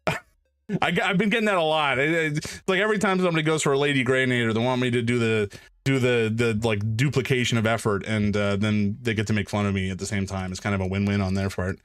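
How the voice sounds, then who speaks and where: Excitable male streamer, mid-pitched and animated, casual banter; dry close sound, soft music bed. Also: smooth, no echo. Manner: animated and excitable, jokey, thanks donors. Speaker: streamer hosting a charity stream. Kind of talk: casual live-stream chat while drawing.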